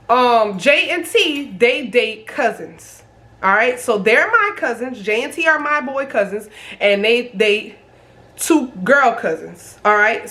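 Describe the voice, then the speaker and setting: A young woman in her twenties with a somewhat high voice tells a storytime vlog. She speaks in a lively, profane way, as if talking straight to her viewers. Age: 20s. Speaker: vlogger.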